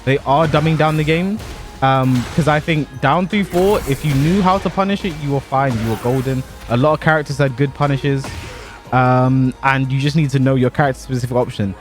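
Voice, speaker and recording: A young man chatting casually about a fighting game while he plays, animated and given to exaggeration, laughing at himself now and then. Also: mid-range voice, a little fast, soft background music. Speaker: pro fighting game player and content creator. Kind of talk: casual commentary over gameplay.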